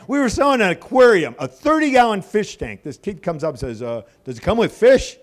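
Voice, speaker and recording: Man, stand-up comic, high voice, very animated pitch, loud exasperated ranting, club stage mic. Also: moderate pace. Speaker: stand-up comedian. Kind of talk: stand-up comedy set.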